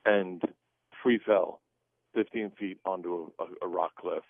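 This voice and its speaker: A man's voice: low-pitched, a little slow, creaky, no room sound. A man in his forties telling a story in a radio interview, calling in by phone and laughing as he talks. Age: 40s. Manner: animated, laughs through his own story. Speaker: guest comedian. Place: on a plane, then an airplane lavatory. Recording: tinny dry phone line.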